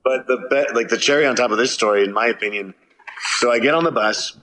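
A man casually telling a road story from a tour, animated and swearing, acting out his own shouts. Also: mid-range voice, fast talker. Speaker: touring musician.

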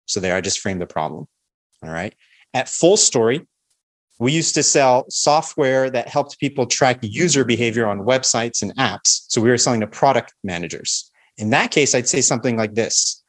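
A confident man talks through sales tactics as a guest on a podcast. His pitch sits in an ordinary middle range, and he keeps an energetic teaching manner, briefly acting out the calls he describes. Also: moderate pace. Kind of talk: podcast interview.

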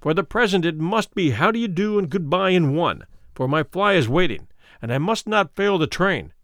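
Man voicing a rich older doctor, placating, falsely cordial, hurried, lively pitch. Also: dry recording. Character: wealthy, smooth-talking older male London physician, nervously polite. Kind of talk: audiobook reading of a classic story.

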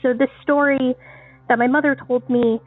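A woman from Maine tells her story down a tinny phone line, chatty and earnest, with small fillers along the way. Her voice is somewhat high and husky, and it sounds very dry and close. Faint music plays underneath. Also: steady tone, moderate pace, no room sound. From Maine, USA. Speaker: caller.

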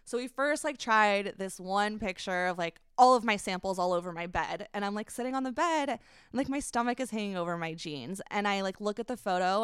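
A young woman, a company founder, telling an emotional personal story as a podcast guest, halting with many fillers. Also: mid-range voice, clear, resonant tone, dry recording, clean studio sound. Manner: halting, many fillers, laughs while recounting.

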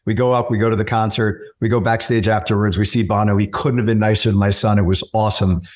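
A middle-aged man hosting an interview, telling quick, chatty anecdotes and asking long questions. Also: fairly low pitch, flat delivery. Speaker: interview host. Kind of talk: casual conversation.

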